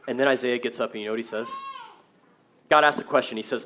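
A man's voice: medium pitch, a little fast, a little hiss or hum. Earnest male pastor preaching a sermon. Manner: earnest, shifts from loud emphasis to quiet reflection.

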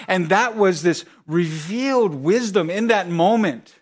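A man's voice: high voice, lively intonation, unhurried, hardly any pauses. A middle-aged man preaching a sermon as pastor, telling a personal story conversationally and repeating key phrases for emphasis.

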